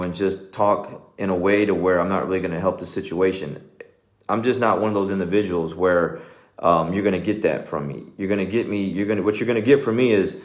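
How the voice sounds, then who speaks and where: Middle-aged Texan man, deep voice, earnest coach giving a motivational talk, recorded in a reverberant room. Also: fairly even intonation, brisk. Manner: earnest, conversational, says "man" and "okay" often. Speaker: jiu-jitsu coach, show host.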